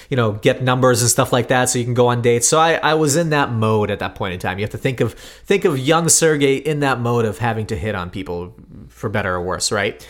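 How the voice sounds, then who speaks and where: A man in his thirties, a podcast co-host, telling a story in a lively, self-deprecating way. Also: fairly low pitch. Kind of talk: casual storytelling chat.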